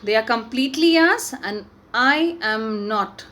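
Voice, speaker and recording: A woman teacher walks students through a play. Her voice is high-pitched and swoops a lot. She talks slowly and keeps checking in with "okay". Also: animated, a bit bright. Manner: explanatory, repeats points with "okay". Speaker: English teacher. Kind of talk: explaining a play in an online lesson.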